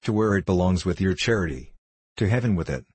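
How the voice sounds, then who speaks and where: A bitter one-legged cynic snaps out his scorn in a deep, husky voice, as a man reads him aloud. He jeers at everyone around him, and the reading sounds dry and close, with no room around it. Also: lively intonation, brisk, darkish tone, no echo. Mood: sneering. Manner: snappish, scornful, jeering.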